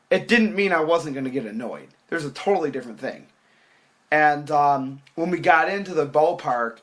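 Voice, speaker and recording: Animated young man telling a story. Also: a little high. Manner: animated, acts out quoted voices, swears casually. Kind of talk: casual podcast storytelling.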